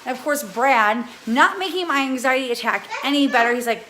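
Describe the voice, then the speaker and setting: A woman in her late thirties vlogs from home in a chatty, anxious, rambling way. Her voice sits a little high, and a faint hiss runs under the recording. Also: moderate pace, few pauses. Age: 30s. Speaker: vlogger. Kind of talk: casual vlog rant. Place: home with family nearby.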